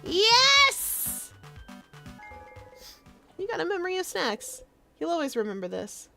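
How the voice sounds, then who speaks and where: Woman streamer, reading game lines, high voice, bright, faint music. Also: big pitch swings, fast talker, gravelly. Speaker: gaming streamer. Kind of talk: reading game text aloud.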